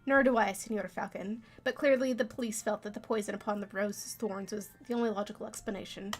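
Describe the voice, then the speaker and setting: A woman's voice: mid-range voice, fairly even intonation, fast, natural voice. A woman reading as a courteous young prince. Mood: earnest. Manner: courteous, formal storytelling. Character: polite earnest young male prince.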